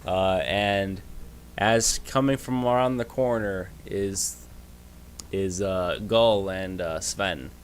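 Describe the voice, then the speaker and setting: A man's voice: deep voice, fairly even intonation, slow, a little hiss or hum. A man narrating as game master of a livestreamed tabletop game, improvising loosely and correcting himself as he goes.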